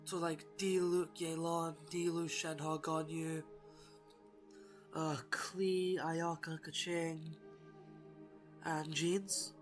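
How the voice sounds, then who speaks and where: A woman's voice: sits low, little pitch movement, drawn-out words, long pauses. A young woman giving goofy, rambling commentary while she plays a video game. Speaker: gaming streamer. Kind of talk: let's-play commentary. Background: game music.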